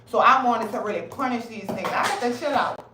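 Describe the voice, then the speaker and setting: Heavy background noise and a roomy, far-off mic surround this woman's fairly high voice. A health advocate streamer, she unleashes a blunt, profanity-laden rant on a casual livestream, speaking quickly and heatedly with plenty of animation.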